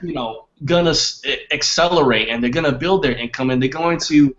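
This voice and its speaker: Male webinar host, mid pitch, pushy persuasive pitch, muffled audio. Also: fairly quick, a bit bright. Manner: emphatic, repetitive, rhetorical questions. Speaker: webinar host and sales coach. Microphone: webinar microphone.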